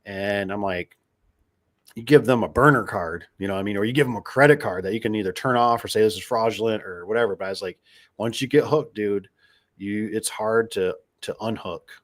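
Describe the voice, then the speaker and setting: A man's voice: fairly low pitch, brisk. A middle-aged man telling stories in a casual, rambling monologue, repeating himself and getting fired up. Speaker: podcast host.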